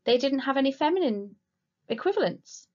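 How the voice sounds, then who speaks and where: A woman teaching a recorded school French lesson, explaining patiently and slowing down to say the French words clearly. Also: high voice, lively intonation. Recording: slightly dull lo-fi recording.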